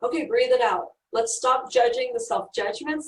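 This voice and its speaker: Woman leading a slow guided healing meditation, fairly high voice, sounds a bit off-mic. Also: recorded from a distance, slight background noise, rough recording. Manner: soothing, coaching the listener step by step.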